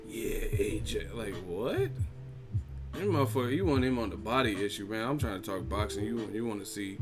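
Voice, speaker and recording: A man hosting a boxing live stream, reading chat comments and mocking them in a casual, profane, animated way. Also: fairly low pitch, measured pace, over music.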